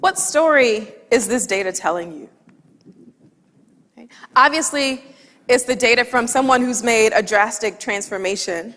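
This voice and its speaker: A woman giving a talk, telling a humorous story with quoted dialogue in a lively way. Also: on the high side, normal speed. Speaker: speaker. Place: large hall with audience. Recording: long hall reverb.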